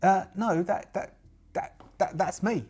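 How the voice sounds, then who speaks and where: A kind-hearted young witch of the jungle, high and lifted well above the speaker's own voice, as a man puts her on. She is flustered and hesitant, tripping and restarting as she speaks. It sounds like a solo tabletop game. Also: unhurried, a little mellow, breathy edge. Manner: hesitant, flustered, stumbling over words.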